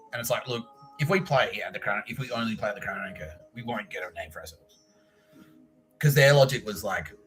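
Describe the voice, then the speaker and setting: A middle-aged Australian man hosting a podcast, telling stories in a casual way, swearing, laughing and acting out voices. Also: on the low side. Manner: animated, swearing, laughing often, acts out voices in his stories. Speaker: podcast host. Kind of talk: casual storytelling.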